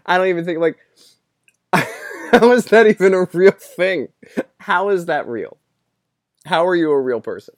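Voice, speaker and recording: A man's voice: high-pitched, lively intonation, moderate pace, pauses often, no echo, studio quality. A man delivering a rambling, sarcastic political opinion monologue, laughing often as he mocks. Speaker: political commentator.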